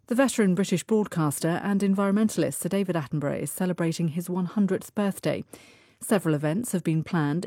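A woman reads the radio news in a formal, measured way. Her voice is low and mellow, and the studio recording is dry and close. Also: no echo. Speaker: newsreader. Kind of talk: news bulletin reading.

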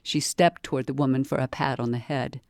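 A woman librarian introducing a program and reading the first page of a novel aloud in a calm, measured way. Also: extremely low pitch, no room sound, clean studio sound. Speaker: librarian reading a book excerpt. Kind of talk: read-aloud book narration.

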